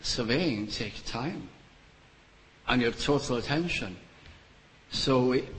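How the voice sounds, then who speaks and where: Older male preacher, unhurried delivery with mid-range pitch, presses hard on his rhetorical questions. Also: lively intonation, low-quality recording. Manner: slow and deliberate, rising to emphatic rhetorical questions. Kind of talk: sermon.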